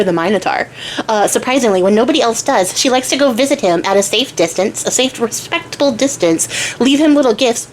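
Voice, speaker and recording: A woman's voice: high voice, a little hiss or hum. A young woman retelling a myth casually as a craft channel host, chatty and slangy, often stopping to hunt for words. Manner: chatty, slangy, self-interrupting.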